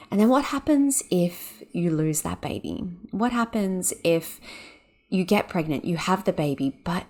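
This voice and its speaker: A woman hosting a podcast who speaks with gentle, soothing guidance, leading a breathing exercise and talking with lively energy between exercises. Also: lowish voice. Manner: gentle, soothing, unhurried guiding; animated and quick when excited. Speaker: podcast host and yoga teacher. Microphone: podcast microphone.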